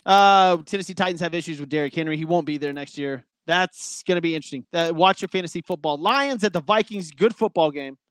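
A man's voice: on the high side, quick pace, hardly any pauses, smooth, dry recording. A man hosting a sports podcast, chatting loosely through game matchups and betting picks. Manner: loose, chatty, apologetic about glitches. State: breathing heavy. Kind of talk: casual sports betting talk.

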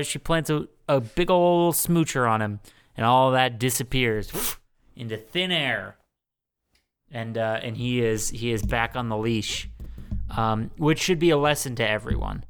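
Smooth-voiced profane young man. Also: mid-range voice, fairly bright tone. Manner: profane, jokey, laughs often. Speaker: podcast co-host. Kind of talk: casual movie-recap chat.

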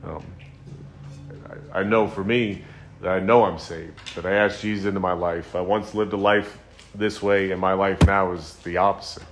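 A man's voice: deep voice, steady tone, moderate pace, slight background noise. A man preaching a sermon in a conversational, earnest way, with ums and restarts as he retells scripture stories.

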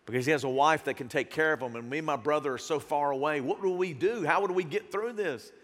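Male pastor, higher voice, preaching with big swings in volume in a long echoing sanctuary. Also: fast. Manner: animated, earnest preaching with sudden loud bursts. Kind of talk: sermon.

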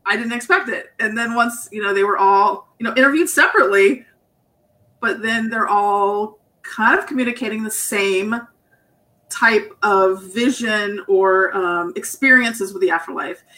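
A woman's voice: medium pitch, a little slow. A woman co-hosting a podcast, chatting casually and asking long, rambling questions over a video call. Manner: warm, laughing, rambling questions. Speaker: podcast co-host. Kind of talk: casual chat.

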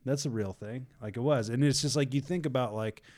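Guy with a mellow warm voice chatting thru a bible story, loose and animated, tons of fillers. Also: mid-range voice, brisk. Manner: loose and animated, many fillers like "like" and "you know"; acts out the crowd's panicked voices. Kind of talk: casual faith chat, retelling a Bible story.

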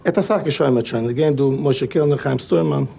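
Brief: a man playing an insistent older man, gravelly, rapid talk. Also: medium pitch, warm tone, a little hiss or hum, lightly acted.

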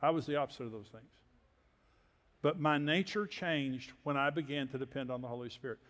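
An older man from Texas, a preacher telling personal stories in a sermon with folksy, self-deprecating humor and quiet asides. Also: medium pitch, fairly quick. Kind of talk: sermon storytelling. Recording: long hall reverb.

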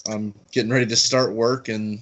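A young man, just out of college, chatting on a podcast in an easygoing, relaxed way. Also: on the low side, moderate pace. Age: young adult. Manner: easygoing, relaxed, laughs lightly. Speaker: podcast guest. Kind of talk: casual chat.

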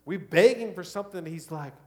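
A middle-aged man preaching a sermon, switching between loud exhortation and quiet, hushed asides. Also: sits high, fairly quick. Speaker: pastor.

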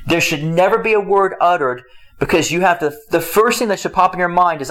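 Male marriage teacher, faith-based talk, a bit high-voiced, emphatic and repetitive. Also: expressive, brisk, a bit bright, rough recording. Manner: emphatic, repeats phrases, swings pitch up and down.

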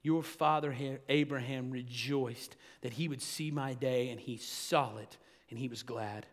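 A man's voice: medium pitch, steady tone, unhurried. Man preaching in a big echoing hall. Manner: builds to loud emphatic preaching. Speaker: pastor. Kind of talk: sermon.

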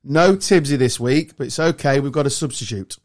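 A man's voice: mid-range voice, fairly quick. A man hosting a casual podcast chat, bantering and laughing with his co-hosts. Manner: lively, laughing, banter-driven. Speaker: podcast host.

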